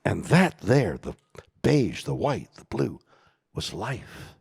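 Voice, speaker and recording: Older male keynote guest, theatrical storyteller with a lively, swooping delivery and a dry close sound. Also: fairly low pitch, takes it slowly, creaky, slightly rough, no room sound. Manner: theatrical, swings from loud bursts to hushed whispers. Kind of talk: dramatic storytelling conversation. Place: conference stage.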